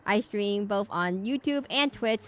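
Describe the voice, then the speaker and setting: A woman's voice: medium pitch, unhurried, a little hiss or hum. A woman VTuber chatting casually with her viewers while playing a game, bursting into indignant replies to chat and humming under her breath. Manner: animated, indignant bursts when reading chat. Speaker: VTuber streamer. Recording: game music behind. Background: game music.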